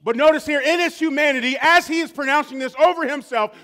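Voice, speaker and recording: A man with a very high voice preaches a sermon as a pastor, building up to drawn-out, shouted repetitions and then dropping into slow, quiet stretches.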